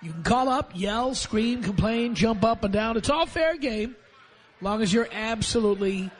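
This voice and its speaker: A man's voice: high voice, animated, moderate pace, slight background noise. A man hosting a call-in radio show, bossy and sarcastic with callers. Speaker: radio talk show host.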